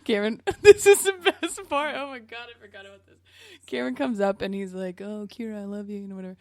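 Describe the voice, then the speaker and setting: Giggly woman podcast co-host, gravelly edge. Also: a little high, lively intonation, quick pace, darkish tone, no room sound. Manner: giggly, chatty storytelling. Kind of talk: casual chat.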